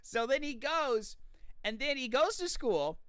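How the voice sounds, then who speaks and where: A streamer telling a story in casual live-stream chat, animated and enthusiastic. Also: high-pitched, unhurried, clean tone, dry recording.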